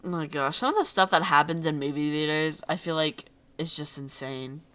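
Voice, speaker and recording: A woman streamer chatting casually with a friend, animated and full of "like"s. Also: sits low, moderate pace. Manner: animated, laughing, many "like"s. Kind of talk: casual chat.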